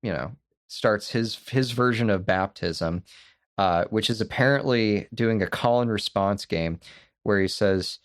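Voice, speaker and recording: A man co-hosting a podcast, telling a story in an animated, profane way in casual chat. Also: on the low side, unhurried, dry recording, studio quality. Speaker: podcast co-host.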